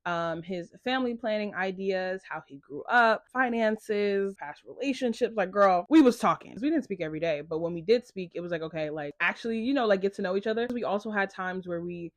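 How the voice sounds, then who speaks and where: A young woman and content creator talking in a casual confessional vlog, animated and chatty, full of "like.". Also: medium pitch, brisk, hardly any pauses, no room sound. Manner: chatty, animated storytelling with lots of "like".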